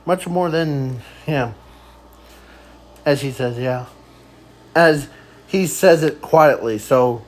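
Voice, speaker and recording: A man improvising a fan story aloud in a rambling, halting way, often trailing off. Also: mid-range voice, rough recording.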